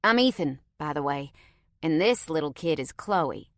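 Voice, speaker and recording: A woman's voice: deep voice, lively intonation, normal speed, no room sound, clean studio sound. A woman voicing a young Southern man in his twenties with a country twang, the protective older brother of a child. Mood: friendly. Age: 20s. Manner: exasperated, scolding a child.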